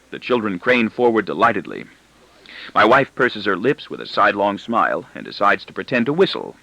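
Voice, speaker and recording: Bright, wry male audiobook narrator. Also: on the low side, big pitch swings, brisk, creaky, no echo, poor audio. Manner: wry, ironic first-person narration.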